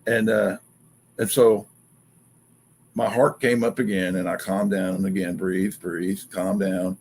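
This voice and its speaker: A man telling an excited story as a guest, acting out quotes and sounds in an animated way. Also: low-pitched, measured pace, creaky, a little hiss or hum.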